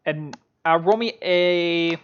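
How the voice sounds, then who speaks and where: Halting game master, dull lo-fi sound. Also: mid-range voice, smooth. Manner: halting, many fillers. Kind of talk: narrating a tabletop game.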